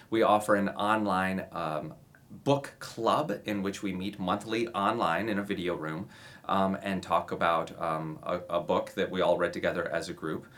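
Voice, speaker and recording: A man giving acting advice in a relaxed, conversational way, sometimes acting out sample introductions. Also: lowish voice. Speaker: acting coach. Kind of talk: casual instructional talk to camera.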